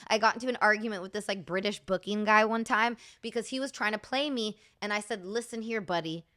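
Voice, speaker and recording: A woman's voice: medium pitch, steady tone, fast talker, sharp tone. Chatty Californian woman host. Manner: chatty, lots of "like", laughs often. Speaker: podcast host. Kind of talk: casual chat.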